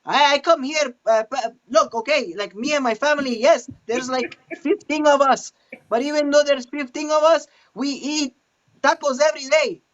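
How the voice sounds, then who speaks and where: A squeaky, excitable Latino family man. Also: dull audio. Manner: high, rapid, rambling.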